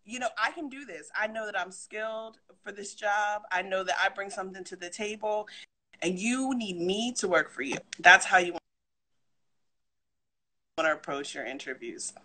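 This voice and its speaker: A woman's voice: medium pitch, normal speed, sharp tone. A woman giving interview advice in an upbeat, encouraging casual chat.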